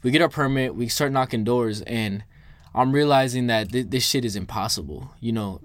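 A young man from Minnesota casually telling a story to the camera, animated and swearing freely, with lots of fillers. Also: mid-range voice, normal speed, dry recording.

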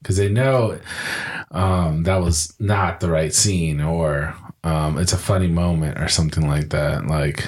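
A man's voice: low voice, fairly even intonation, unhurried. A man co-hosting a podcast, chatting casually with short reactions and a bit of swearing. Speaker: podcast co-host. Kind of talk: casual chat.

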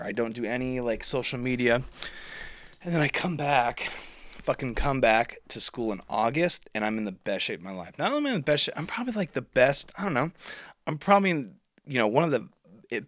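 A man's voice: fairly low pitch, pushed and bright, no echo. A man, telling a story on his podcast in a rambling, profane, self-mocking way. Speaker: podcast host. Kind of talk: casual storytelling monologue.

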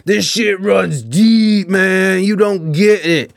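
A man putting on a drunk, blustering man who drawls out slow, boastful threats. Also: sits high, creaky, no echo, studio quality, exaggerated voice.

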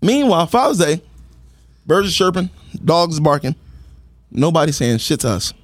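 A man with a rather high voice whose pitch jumps all over as he rants. He is a podcast co-host in a heated, profane, theatrical back-and-forth. His voice is close and dry, with no room sound. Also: normal speed, no room sound. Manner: animated, profane, dramatic, keeps getting cut off. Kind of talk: casual argumentative chat.

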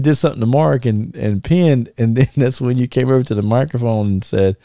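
This podcast guest, an ex-wrestler, talks a little fast with hardly any pauses in a mid-range voice, recorded with studio quality and no room sound. He casually tells old wrestling stories, laughing often and restarting sentences with many fillers.

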